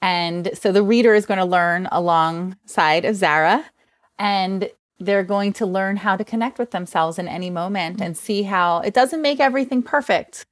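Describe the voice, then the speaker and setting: Woman, New Jersey accent, upbeat interview guest, mid pitch, dry booth sound. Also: normal speed, no room sound. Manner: enthusiastic, laughs often. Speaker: guest, children's book author. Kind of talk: casual interview chat.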